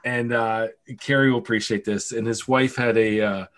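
A man on a casual podcast, telling animated anecdotes full of swearing and laughter. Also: medium pitch, moderate pace. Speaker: podcast co-host. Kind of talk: casual storytelling chat.

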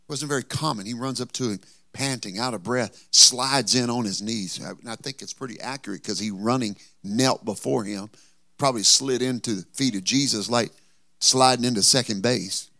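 Gravelly-voiced male pastor preaching. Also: medium pitch, normal speed, no room sound, clean studio sound. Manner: preaching with lively acted-out quotes and humor. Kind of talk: sermon.

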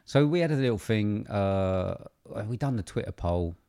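A man's voice: fairly low pitch, lively intonation, moderate pace, warm tone, clear, resonant tone. A man co-hosting a podcast, talking in loose, giggly banter and swearing casually. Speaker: podcast co-host.

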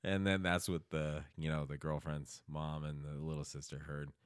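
A man's voice: extremely low pitch, little pitch movement, normal speed, smooth, no room sound, studio quality. A man co-hosting a podcast, rambling and swearing freely in crude casual chat, laughing often. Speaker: podcast co-host.

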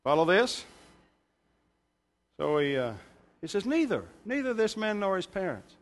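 A man's voice: high voice, very animated, unhurried. A male pastor preaching a sermon in a church, emphatic, with joking asides to the congregation. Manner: emphatic, bursts louder for scripture and punchlines. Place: church sanctuary.

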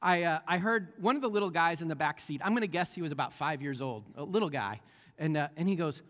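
A man's voice: a little high, lively intonation, fast talker, a bit bright, big-room sound. A man preaching a sermon as pastor, telling a story with many fillers and restarts.

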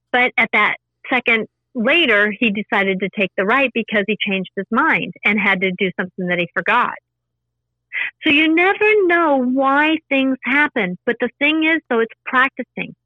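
A woman's voice: fairly high pitch, no echo, lo-fi sound. A woman talking earnestly in a casual interview, explaining her spiritual practice in a repetitive, teaching way. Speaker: spiritual intuitive guest.

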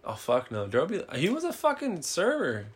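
A young man co-hosting a podcast, trading quick, teasing, profane banter. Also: fairly high pitch, huge pitch swings. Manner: fast, teasing banter with swearing. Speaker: podcast co-host. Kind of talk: casual chat.

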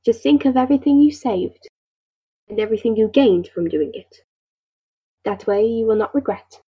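A woman voicing a gentle, wise female ice spirit who speaks formally and reassuringly. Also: fairly high pitch, expressive, normal speed, breathy edge, muffled recording. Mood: gracious.

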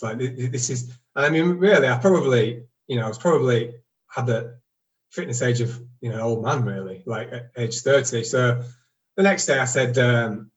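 A man in his forties tells his story candidly, pausing and restarting as he talks. His pitch sits mid-range for a man. He is recorded a little away from the microphone. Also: a bit bright, far from the mic, rough recording. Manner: halting, candid, self-deprecating. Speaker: guest telling his story. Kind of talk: casual reflective storytelling.

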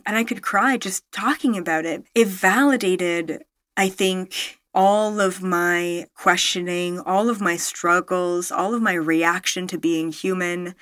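A woman's voice: medium pitch, dry recording, clean studio sound. A woman telling a personal story to her viewers, rambling and emphatic, full of fillers and self-corrections, with the odd swear word. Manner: swearing, animated when excited. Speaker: spiritual storyteller vlogger. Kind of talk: casual personal storytelling to camera.

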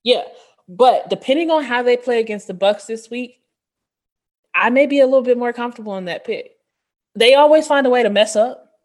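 A woman's voice: on the high side, fairly quick, darkish tone. Playful, slangy woman talking sports. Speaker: podcast co-host. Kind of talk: casual sports chat.

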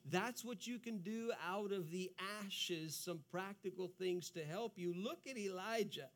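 A man's voice: high voice, a little slow. A man preaching a sermon as a pastor, earnest in tone and often repeating words as he goes.

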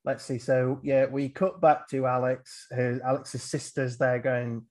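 Mann, der locker über einen Film plaudert. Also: male voice, mid-range voice, flat delivery, a little slow, darkish tone. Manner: rambling, with fillers and acted-out quotes. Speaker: podcast host. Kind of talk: casual film chat.

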